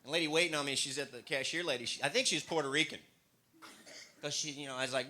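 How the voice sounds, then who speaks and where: A man from the American Midwest doing stand-up comedy, playfully jumping into loud, goofy voices. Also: on the high side, fast talker.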